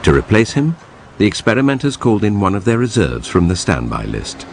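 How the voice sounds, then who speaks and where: Deep male doc narrator, grave and measured, voice swings up and down a lot. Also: huge pitch swings, creaky, slight background noise. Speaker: documentary narrator. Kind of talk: scripted narration.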